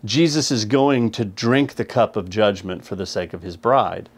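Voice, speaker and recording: A man with a somewhat low voice and a gravelly, creaky edge reads a scripture passage and then teaches on it. He explains in an earnest, careful way and lifts his voice to stress key points. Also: normal speed. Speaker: Bible teacher. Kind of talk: scripture reading and verse-by-verse teaching.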